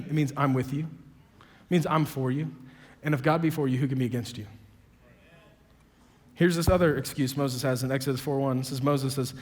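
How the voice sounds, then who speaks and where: A man preaching a sermon, telling dialogue in conversational voices and building to loud, emphatic peaks. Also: medium pitch. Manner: quotes dialogue in conversational voices, self-described sarcastic. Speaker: pastor. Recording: long hall reverb.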